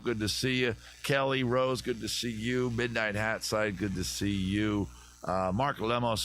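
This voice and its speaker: Rambling, jokey man with a lowish voice. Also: fairly bright tone. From US East Coast. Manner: rambling, jokey, riffing on tangents. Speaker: host of a comedy advice live stream. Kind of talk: casual comedic live stream chat. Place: outdoors in a backyard by a fire.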